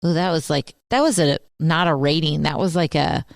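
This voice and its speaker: Low-voiced woman in lively chat. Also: normal speed, vocal fry, no room sound, clean studio sound. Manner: chatty, animated. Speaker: podcast co-host. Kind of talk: casual chat.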